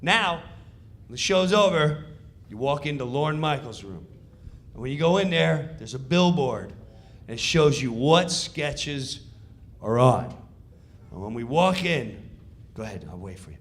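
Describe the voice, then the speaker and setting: A man telling a stand-up comedy story in an animated, punchy way, acting out the scenes. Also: mid-range voice, a little slow, pauses often.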